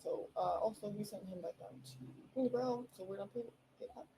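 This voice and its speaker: A woman's voice: medium pitch, fast, background noise. Bubbly rambling woman podcast host. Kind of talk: casual solo podcast chat.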